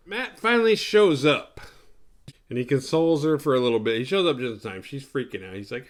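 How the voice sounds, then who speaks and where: Man, mid-pitch, hosts a horror review show; loose, profane, sarcastic recap. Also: animated, brisk. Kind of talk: casual movie recap.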